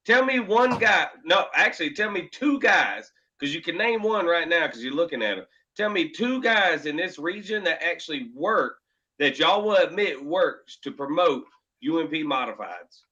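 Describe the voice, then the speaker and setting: A man's voice: on the high side, expressive, normal speed, pushed and bright. A man who races modifieds, arguing his case with passion and repeating himself for emphasis. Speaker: UMP modified racer. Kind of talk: heated panel debate. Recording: dull lo-fi stream audio.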